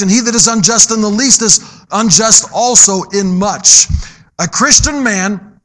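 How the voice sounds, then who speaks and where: High, bright-voiced man preaching. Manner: swings from loud emphatic exhortation to low quiet storytelling. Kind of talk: sermon.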